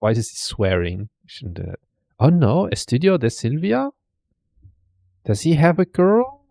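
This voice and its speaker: A man's voice: fairly high pitch, very animated, measured pace, creaky, warm tone, no echo. A man hosting a stream, casually commenting and teasing as he looks through viewers' desk setups. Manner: chatty, teasing, thinks aloud. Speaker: streamer host. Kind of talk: casual commentary reacting to videos.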